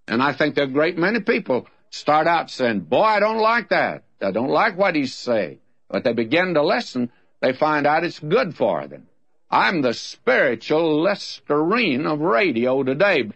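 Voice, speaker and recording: A man's voice: moderate pace, no echo. An older man with a Southern American accent, teaching the Bible on the radio in a folksy, emphatic way. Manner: folksy, emphatic with lively swings of pitch. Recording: dull lo-fi old radio recording.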